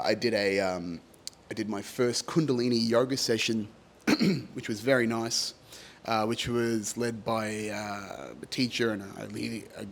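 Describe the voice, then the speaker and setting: A man's voice: mid-range voice, a little hiss or hum. A man hosting a podcast in a casual monologue, rambling with many fillers and frequent laughter. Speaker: podcast host.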